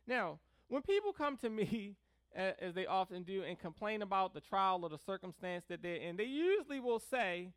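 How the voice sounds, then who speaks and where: A pastor delivers a conversational sermon, often checking in with the congregation with "right?" and leaning hard on key words in an animated way. The voice is medium-pitched at a normal speed, with no echo.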